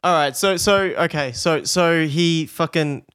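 A man's voice: on the high side, unhurried, fairly bright tone, clear, resonant tone, dry recording, clean studio sound. A man in casual podcast chat, joking at his own expense and stumbling over his words. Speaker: podcast co-host.

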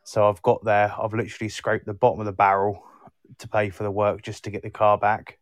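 A man's voice: fairly low pitch, monotone, a little fast, no room sound, studio quality. A man telling a story about his car on a casual live chat. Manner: storytelling, exasperated.

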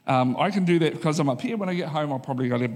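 High-voiced New pastor in a hall. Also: male voice, expressive, rapid-fire, darkish tone. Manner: conversational and joking, with repeated punchlines. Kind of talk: sermon. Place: church auditorium.

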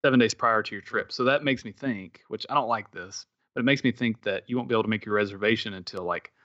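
Low-voiced man on a dull dry mic. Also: fast, a bit bright, no echo. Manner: thinks aloud, restarts and hedges. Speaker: podcast co-host. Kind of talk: casual chat.

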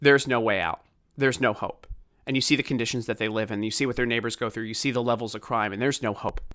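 A man's voice: medium pitch, steady tone, fast talker, fairly bright tone. A man from Baltimore hosting a podcast, ranting in heated, sarcastic political commentary. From Baltimore, USA. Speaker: podcast host.

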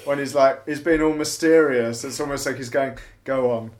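A man thinking aloud in a casual group discussion, animated and given to acting out what others might say. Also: medium pitch, fairly quick, slight background noise. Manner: thoughtful, animated, acts out voices.

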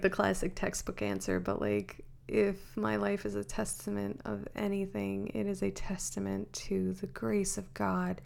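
Earnest woman from New York, gravelly tone, preachy testimony, podcast mic. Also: mid-range voice. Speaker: podcast co-host. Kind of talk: casual faith chat. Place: sitting on a bench. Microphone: studio microphone.

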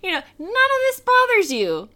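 Bright, high, lively woman co-host. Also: normal speed. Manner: wry, joking asides, laughs a lot. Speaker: podcast co-host. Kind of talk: casual chat.

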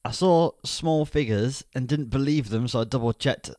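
A man, co-hosting a casual film podcast, relaxed and quick to laugh. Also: medium pitch, no echo, studio quality. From Yorkshire, England. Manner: relaxed, chatty, laughs easily. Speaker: podcast co-host.

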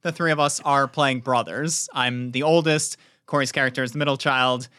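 A man's voice: medium pitch, steady tone, moderate pace, pushed and bright, no echo. Man making dry, teasing remarks at the table. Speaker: podcast player. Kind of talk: casual tabletop game chat.

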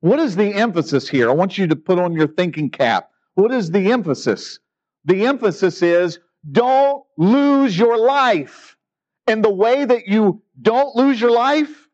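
A man's voice: high voice, lively intonation, measured pace, a little mellow, highs cut off. A man preaching a sermon in an earnest, emphatic way, asking rhetorical questions. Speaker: pastor.

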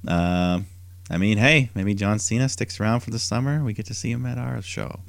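A man's voice: moderate pace, gravelly, no room sound, studio quality. A man co-hosting a podcast, recapping a wrestling show in a casual, storytelling way. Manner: animated storytelling, mimics quoted wrestlers in higher voice. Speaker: podcast co-host.

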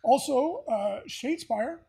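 A man's voice: very high voice, expressive, measured pace, gravelly, dark tone. A man hosting a podcast, talking casually and easily about tabletop gaming news with a lot of filler words. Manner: chatty, easygoing, with frequent filler words. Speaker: podcast host.

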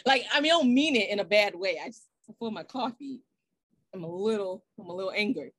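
A woman's voice: mid-range voice, brisk, dry recording, rough recording. A woman guest on a podcast, telling stories in a casual, laughing way and acting out the voices of the people in them. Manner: laughing, animated storyteller acting out dialogue. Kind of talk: casual storytelling chat.

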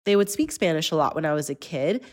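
Brief: woman host, 30s, lowish voice, earnest, personal. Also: lively intonation, fast talker, a little mellow. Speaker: podcast host. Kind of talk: conversational interview.

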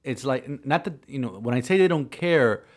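A man, a priest co-hosting a podcast, telling a story earnestly in halting sentences full of restarts. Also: mid-range voice, lively intonation. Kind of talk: casual podcast chat.

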